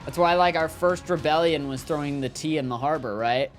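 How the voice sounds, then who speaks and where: A man's voice: fairly high pitch, a little fast, faint music behind. Rambling jokey gaming streamer guy. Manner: rambling, jokey, lots of fillers. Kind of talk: casual gameplay commentary, reading chat.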